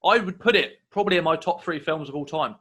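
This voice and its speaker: A man's voice: fairly high pitch, fast talker, fairly bright tone. A man hosting a podcast interview, enthusiastic and full of praise for his guest. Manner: enthusiastic, complimentary. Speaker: podcast host. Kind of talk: casual interview.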